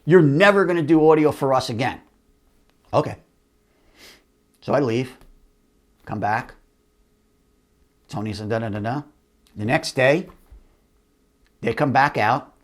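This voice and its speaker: Animated storytelling man. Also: medium pitch, measured pace, long pauses. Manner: animated, acts out other people's voices. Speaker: host, company CEO. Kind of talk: casual storytelling monologue.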